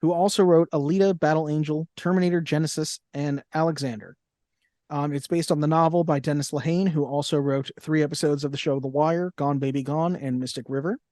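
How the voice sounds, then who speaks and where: A man's voice: on the high side, steady tone, brisk, warm tone, no room sound, studio quality. A young man co-hosting a movie podcast in casual chat, reading cast lists and review quotes aloud. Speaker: podcast co-host.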